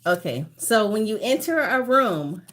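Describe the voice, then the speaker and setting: A woman hosts a trivia game on a casual live stream, speaking slowly with an unhurried pace. She is out of breath and laughs between lines. She drifts off her phone mic now and then. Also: medium pitch, lively intonation, a bit bright. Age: older. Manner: chatty, laughing, reads out questions slowly. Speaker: livestream trivia host.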